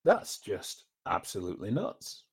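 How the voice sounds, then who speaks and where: A man from Britain with a fairly low voice opens a podcast episode in a wry, easygoing manner. He chats casually with his co-host about films. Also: huge pitch swings, a little slow, creaky, slightly rough. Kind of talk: casual film podcast chat.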